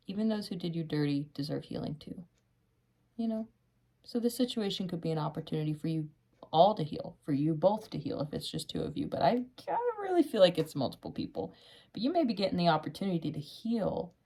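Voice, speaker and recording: Creaky and husky, a tarot reader with a fairly low voice works through a spread casually, laughing a lot, swearing offhandedly and getting excited. She addresses the listener as honey and softens to a hush when giving advice.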